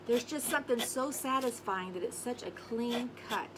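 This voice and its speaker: Brief: a woman host of a casual crafting video, slightly high pitched, chatty and sing-songy, with audible background noise. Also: moderate pace. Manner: chatty, sings little scat tunes while working. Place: home craft space on an acreage.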